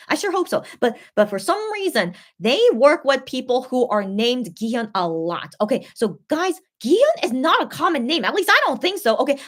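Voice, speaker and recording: A woman in her thirties hosting a K-pop reaction video, explaining things to viewers in a chatty, rambling way with many restarts. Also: on the high side. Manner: explains Korean phrases to viewers. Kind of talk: casual reaction commentary.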